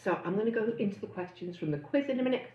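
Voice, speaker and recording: A woman's voice: mid-range voice, expressive, racing. A woman weight-loss coach giving a chatty live online talk, reading out comments and acting out inner voices. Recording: roomy, slightly dull sound.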